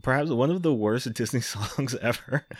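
A man's voice: mid-range voice, moderate pace, slightly rough, no room sound. A man hosting a podcast, recapping a movie in a wry, casual way with lots of fillers and chuckles. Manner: wry, laughing, filler-heavy. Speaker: podcast host.

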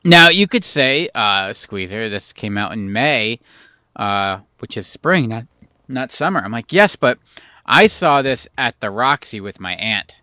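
A man chatting on a podcast in a halting way, often repeating words while he works out his point. His voice is bright and smooth, with a resonant clarity. The recording is dry and close. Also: medium pitch, very animated, no echo. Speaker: podcast co-host. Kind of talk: casual chat.

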